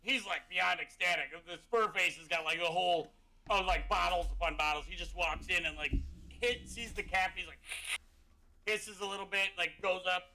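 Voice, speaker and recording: Bright, high-voiced game master. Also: male voice, moderate pace, rough recording. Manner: rambling, filler-heavy, laughing often. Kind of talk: narrating a tabletop game.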